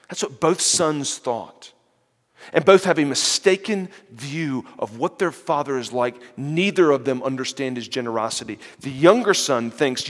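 A man giving an animated sermon-style lecture, retelling a parable and voicing its characters, with fillers and restarts. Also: medium pitch, normal speed. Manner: animated, acts out the parable's characters in quoted voices. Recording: long hall reverb.

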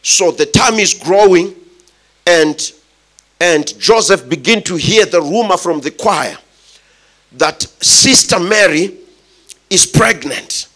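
A male preacher delivers a sermon as dramatic storytelling. His voice is high and bright, sweeping through an animated range. He speaks slowly and breaks into shouts.

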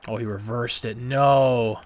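A man's voice: mid-range voice, fairly even intonation, takes it slowly. A man giving casual commentary over a wrestling video game, swearing and heatedly trash-talking his opponent. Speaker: gaming channel host.

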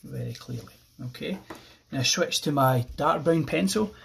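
Gravelly man teaching a drawing lesson. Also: on the high side, normal speed, a little hiss or hum. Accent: Irish. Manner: relaxed, thinking aloud while drawing. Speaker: art teacher. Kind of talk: drawing tutorial narration.

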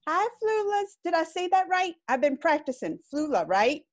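A woman asks a voice actor about his accent, chatty and giggly. Her voice sits high and swoops with lively pitch. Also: moderate pace. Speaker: interviewer, online reviewer. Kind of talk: casual interview.

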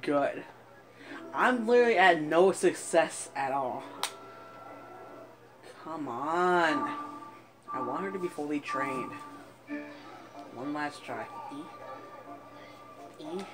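A man's voice: a little high, expressive, drawn-out words, pauses often, poor audio. Cursing, laughing gamer man. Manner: frustrated, swearing, laughing, yelling at the game. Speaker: gaming YouTuber. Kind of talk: let's play commentary. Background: game music.

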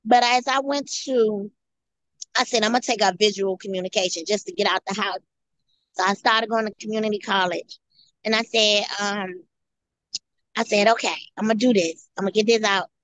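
A woman guest giving an earnest personal testimony, halting and often repeating or restarting her phrases. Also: mid-range voice, steady tone, a bit bright, dry recording. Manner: earnest storytelling.

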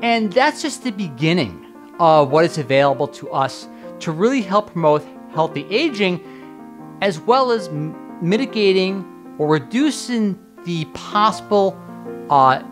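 A man's voice: on the high side, sing-song, a little slow, a bit bright, faint music behind. A man hosting a health show, reading quotes from a study aloud and breaking off to add his own remarks, with fillers and restarts. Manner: reads quotes aloud, then adds asides with fillers.

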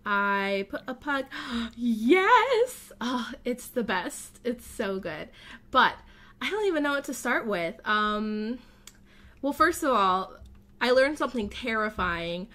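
A woman's voice: fairly high pitch, sing-song, slow pace, pushed and bright. A woman hosting a casual let's play, chatty and rambling as she thinks aloud, and often gasping and squealing with delight. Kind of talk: casual gameplay commentary.

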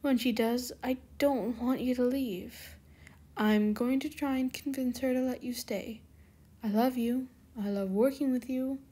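A woman voicing a gentle, affectionate teenage boy superhero in a fan fiction reading, in soft tender tones. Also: on the high side, fairly even intonation, measured pace, breathy edge.

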